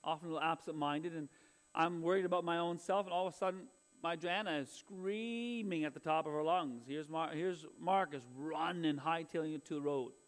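A pastor in his forties delivers a sermon, speaking in a noticeably high voice. His manner is earnest and conversational, and he weaves personal stories in among his exhortations. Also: brisk.

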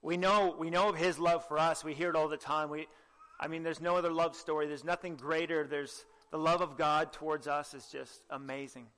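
A young man preaching a sermon with earnest exhortation, often asking the listeners direct questions and clearing his throat. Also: on the high side, little pitch movement, fairly quick, fairly bright tone, in a large hall.

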